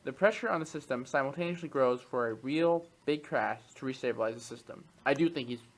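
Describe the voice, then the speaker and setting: A man's voice: mid-range voice, fairly quick, poor audio. Man reading a political text aloud. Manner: reads long passages aloud, then comments with fillers. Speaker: reading group member.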